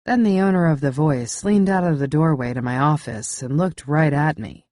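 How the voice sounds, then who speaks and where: A woman narrating a first-person thriller audiobook in a measured, intimate way on a close studio mic. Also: low voice, darkish tone, no echo.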